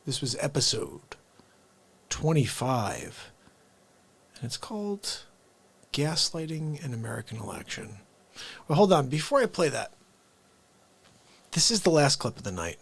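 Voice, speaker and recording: A man's voice: fairly high pitch, sing-song, unhurried, gravelly, long pauses, breathy edge. A man hosting an unscripted live stream, rambling chattily and addressing his viewers directly.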